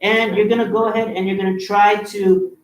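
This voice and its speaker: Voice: medium pitch, flat delivery, fairly quick. Upbeat instructor in an echoey gym. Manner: upbeat, directive, frequent "okay?" checks. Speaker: martial arts instructor. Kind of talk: explaining a kids' game in an online class. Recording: echoey hall, far from the mic.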